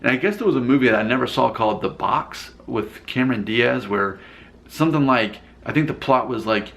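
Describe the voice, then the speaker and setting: A man's voice: medium pitch, lively intonation, fairly quick, vocal fry, fairly bright tone, slight background noise. A man casually rambling as he reacts to viewer comments in his vlog, often breaking into laughter.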